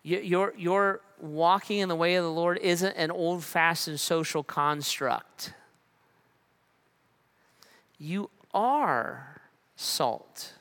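Man, pastor in church, fairly high and bright voice, relaxed sermon, repeated phrases. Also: smooth. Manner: conversational and relaxed, with repeated phrases and slow emphatic pauses.

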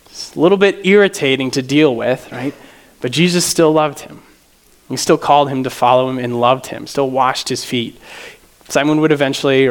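Chatty male pastor checking in with "right?". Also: medium pitch. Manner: chatty, tags sentences with "right?"; laughs at himself mid-story. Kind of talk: casual conversational sermon.

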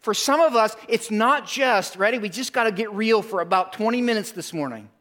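A man preaching a sermon in a church, emphatic, drawing in the congregation with questions and pauses. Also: sits high, animated, fairly bright tone. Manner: emphatic, calls for audience response, dramatic pauses. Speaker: pastor. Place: church sanctuary.

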